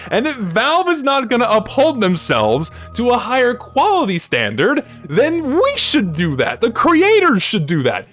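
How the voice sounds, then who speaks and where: High, lively-voiced man ranting. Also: measured pace, few pauses, soft background music. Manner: blunt, heavy swearing, emphatic. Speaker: video game reviewer. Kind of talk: ranting review commentary.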